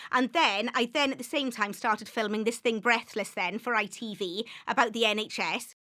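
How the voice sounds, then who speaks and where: Bright-voiced Welsh woman telling stories. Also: on the high side. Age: 40s. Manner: animated storytelling, acts out her own past thoughts. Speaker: podcast guest. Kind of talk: casual chat.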